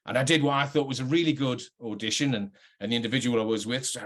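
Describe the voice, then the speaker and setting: A man's voice: medium pitch, fast, a bit bright. A middle-aged man with a working-class Geordie accent, an actor reflecting earnestly and hesitantly on his career, often restarting his sentences. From North East England. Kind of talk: reflective talk to camera.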